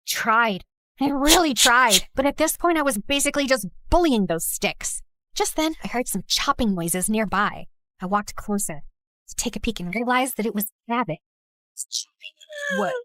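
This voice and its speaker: A woman's voice: a little high, very animated, normal speed, fairly bright tone, no room sound, clean studio sound. A young woman narrating her own story in the first person, dramatic and sassy, jumping between asides and exclamations. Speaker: narrator and lead character.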